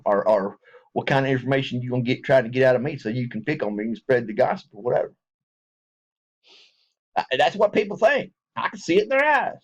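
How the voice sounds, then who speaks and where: A man talking to his viewers in a rambling spoken apology, folksy and meandering, often stopping to restart, and rising from low mutters to high laughing bursts. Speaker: online video maker. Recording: dull lo-fi home recording.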